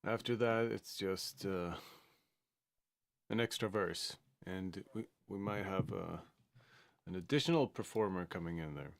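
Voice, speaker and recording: A man's voice: low voice, unhurried, gravelly, no echo. A man from Sweden, a music producer talking casually on a livestream, hesitant and full of fillers and restarts.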